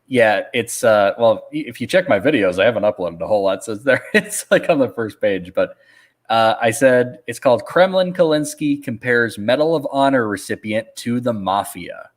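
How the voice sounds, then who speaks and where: A man's voice: mid-range voice, expressive, normal speed. A man chatting casually as a guest commentator, laid-back and laughing often. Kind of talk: casual chat.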